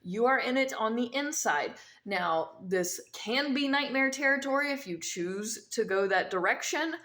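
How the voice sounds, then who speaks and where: A woman's voice: a little high, expressive, unhurried, fairly bright tone. A woman talking straight to camera, explaining things emphatically and repeating her key points, with a mint in her mouth. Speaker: vlogger explaining dream omens. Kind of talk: casual instructional monologue. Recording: echoey room.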